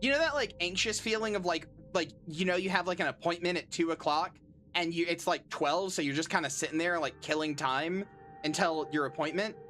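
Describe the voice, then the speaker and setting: A woman's voice: on the low side, brisk, fairly bright tone. Rambling, joking woman streamer. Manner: rambling, laughing, and swearing casually; self-deprecating and dryly joking. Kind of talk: casual chat with a live stream audience.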